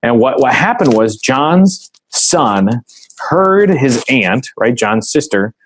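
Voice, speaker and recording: A man's voice: mid-range voice, very animated, slow, slight background noise, poor audio. A man speaking as a podcast guest in a casual interview conversation, earnest and reflective as he tells a story.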